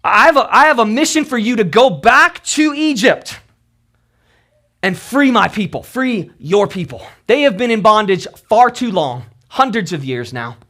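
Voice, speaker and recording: Man voicing God from a burning bush, commanding, direct, high voice, lively pitch. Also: moderate pace, heavily acted.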